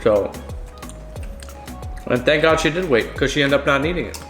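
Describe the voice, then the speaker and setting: A man's voice: a little high, expressive, normal speed, a bit bright, echoey room, soft background music. A man co-hosting a casual meal vlog, talking in a supportive, reassuring way. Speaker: vlogger, co-host. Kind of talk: casual mukbang chat.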